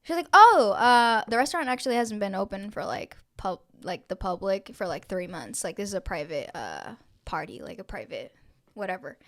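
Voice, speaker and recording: Animated and a little fast, a young woman with a medium-pitched voice tells a story while co-hosting a podcast. The chat is casual, and she swears freely and acts out what each person said.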